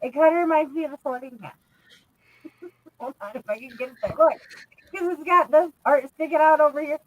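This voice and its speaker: A woman in her thirties with a high-pitched, brisk voice chats on a stream in casual group conversation, heard through phone-quality audio with a little hiss or hum. She rambles through stories crudely, laughing and swearing often.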